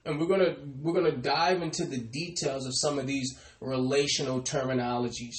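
A man preaching a sermon, often calling his listeners "brothers and sisters" with phrase endings that trail off softly. He slows down to press home key words. His voice sits at a middle pitch, and the room has a noticeable echo. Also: fairly even intonation. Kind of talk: sermon with scripture call-and-response.

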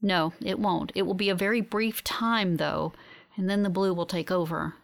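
A woman voicing a steady woman scientist who explains things in a measured way. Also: fairly low pitch, creaky. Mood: calm.

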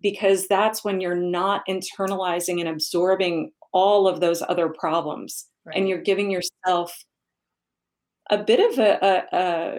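A woman's voice: lowish voice, a little mellow. A woman guest candidly recounting her own loss, speaking emphatically about letting others help. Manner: candid, emphatic, telling a personal story. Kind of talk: casual conversation about grief.

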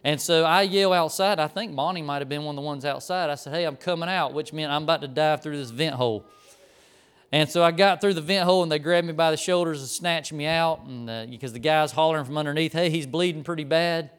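Middle-aged male preacher, animated storyteller with a smooth, fairly high voice. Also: quick pace. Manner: animated storyteller, acts out the people in his story. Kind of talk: storytelling sermon.

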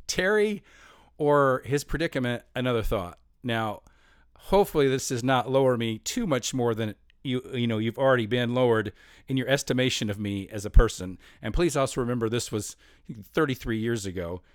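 A man's voice: mid-range voice, moderate pace, clear, resonant tone, dry recording, studio quality. A man in his fifties telling a long personal story in a rambling, self-mocking way, often laughing as he talks.

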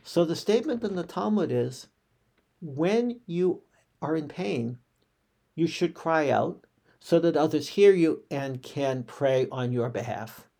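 Man teaching a measured scripture lesson. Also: a little high, lively intonation, gravelly, warm tone. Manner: measured, explanatory, repeats phrases with small restarts. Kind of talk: explanatory Torah lesson.

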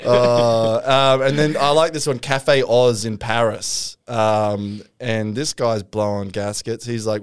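A man's voice: medium pitch, slow pace, few pauses, smooth. A man with an Australian accent, chatting casually and acting out reviews with mock outrage. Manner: animated storyteller, reads out reviews in mock-outraged voices. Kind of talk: casual chat.

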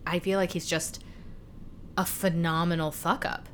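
A woman in casual chat about a film, animated, swearing freely and often laughing while acting out lines. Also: lowish voice, measured pace, a little hiss or hum. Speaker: podcast co-host discussing a film.

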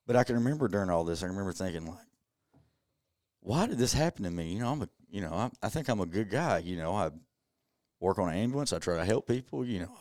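A man's voice: low-pitched, darkish tone, dry recording, clean studio sound. A young adult man, telling a personal story as a podcast guest in an earnest, casual way full of "you know.".

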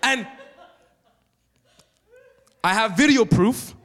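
A man preaching a sermon in church with lively energy, often turning to the congregation with questions. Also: high-pitched, extremely slow. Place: church sanctuary. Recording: long reverb of a church hall.

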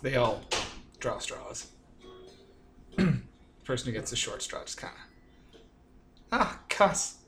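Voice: medium pitch, measured pace, long pauses, noisy background. A game master narrating a tabletop game, amused and laughing often.

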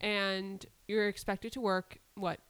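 A woman's voice: mid-range voice, little pitch movement, slow, a bit bright, clear, resonant tone, no echo. Blunt young woman, dry close sound. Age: 20s. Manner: blunt, swearing, joking. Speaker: podcast co-host. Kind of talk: casual chat. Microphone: headphones with a mic.

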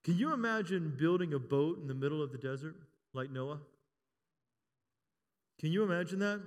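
A pastor in his fifties, with a slightly high, expressive voice and a moderate pace, preaches a sermon in church. He jokes with the congregation and builds to emphatic calls, and the recording carries long hall reverb.

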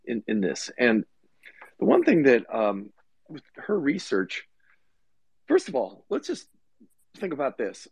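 Sex: man. Role: market commentator guest. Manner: animated, pitch jumps on emphasis, hesitant fillers. Sound: dry and close. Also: no room sound. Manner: animated, voice jumps up when making a point, many "uh"s. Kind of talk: casual panel discussion.

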